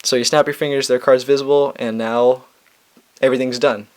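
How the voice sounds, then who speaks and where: A young man hosting a magic tutorial, explaining a card trick step by step in a relaxed, chatty way. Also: mid-range voice, fairly quick. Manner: relaxed and chatty, with fillers and restarts. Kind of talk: casual instructional explanation.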